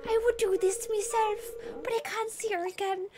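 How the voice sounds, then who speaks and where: A woman voicing an old male wizard in a hushed, theatrical put-on Irish accent, reading game dialogue aloud. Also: very high-pitched, flat delivery, normal speed, over music, voice pushed up. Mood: solemn, hushed. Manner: hushed, lilting, theatrical storytelling.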